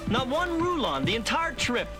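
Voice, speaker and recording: Flirty cartoon hero. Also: male voice, very high voice, big pitch swings, moderate pace, over loud music. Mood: playful. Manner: playful, flirty. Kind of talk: 1980s cartoon voice acting. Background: loud cartoon score.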